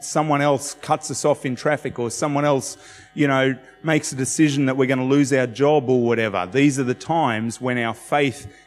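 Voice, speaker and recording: A man preaching in an easygoing, conversational way, acting out the lines he quotes and laughing at himself. His voice carries a long hall reverb, with faint music playing underneath. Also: medium pitch. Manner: conversational, self-deprecating, acts out quotes. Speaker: pastor. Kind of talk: sermon.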